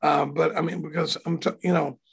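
An older man from Texas with a hoarse voice, telling his recovery story in a rambling, self-deprecating way over a video call from home. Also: a little high, flat delivery, a little fast. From Dallas, Texas. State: hoarse from throat trouble. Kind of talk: casual storytelling talk. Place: home, indoors.

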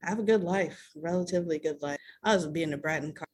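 Woman speaker at a recovery meeting, candid and lively, slips into voices for others. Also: sits low, quick pace, slight background noise. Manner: candid and animated, acting out voices. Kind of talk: sharing personal story at a meeting.

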